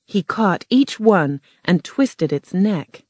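A woman narrating a storybook in a plain, measured reading voice. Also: on the low side, expressive, darkish tone, no echo.

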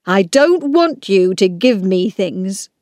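A woman voicing a proud railway porter, speaking slowly and deliberately. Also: lowish voice, warm tone, dry recording, studio quality. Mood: proud refusal. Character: proud, kindly working-class railway porter man.

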